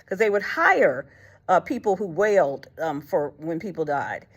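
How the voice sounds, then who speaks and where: A woman's voice: lowish voice, sing-song, unhurried, husky. A woman hosting a casual faith talk, speaking bluntly and colloquially, retelling stories with acted quotes and frequent fillers and restarts. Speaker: host.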